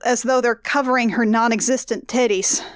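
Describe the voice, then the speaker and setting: Woman rambling thru a movie recap on a podcast, kinda high voice, dry close sound, gets flustered. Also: fairly even intonation, normal speed, clear, resonant tone, dry recording. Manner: rambling, flustered, laughing asides. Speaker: podcast co-host. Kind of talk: casual movie recap chat.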